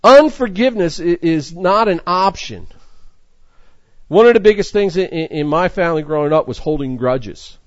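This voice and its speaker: A man's voice: fairly high pitch, animated, normal speed, no room sound, highs cut off. A man preaching a sermon, reading scripture aloud in an earnest way with frequent restarts. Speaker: pastor.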